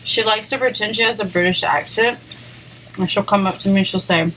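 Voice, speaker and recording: A woman's voice: mid-range voice, fairly quick, pushed and bright, slight background noise, rough recording. A woman vlogger chatting casually while she eats on camera, rambling between bites with little eating sounds. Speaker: mukbang vlogger. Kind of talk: casual eating vlog chat.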